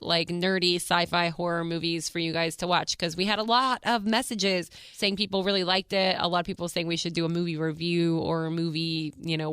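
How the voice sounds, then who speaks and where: A woman's voice: fairly low pitch, a bit bright, clean tone, dry recording, studio quality. An American woman hosting her own podcast, chatting casually with a bubbly, gushing manner and frequent laughs. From United States. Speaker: podcast host.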